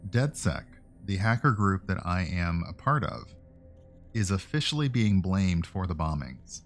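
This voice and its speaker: A man's voice: sits low, very animated, measured pace, faint music behind. A man streaming a video game, chatting casually and rambling, with frequent fillers and self-corrections. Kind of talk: casual gameplay commentary.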